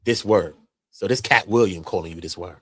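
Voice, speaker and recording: A man's voice: low-pitched, fairly quick. A man hosting a live stream, giving casual slangy commentary with mocking asides. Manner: animated, slangy, mocking impressions.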